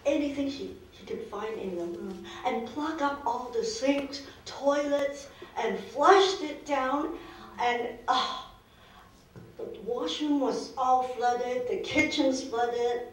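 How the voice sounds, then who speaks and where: A woman's voice: sits high, takes it slowly, pitched above the performer's own voice. A woman role-playing a weary, frustrated wife who cares for her ill husband, as a counseling client. She rambles and trails off. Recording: echoey room, distant mic, faint noise.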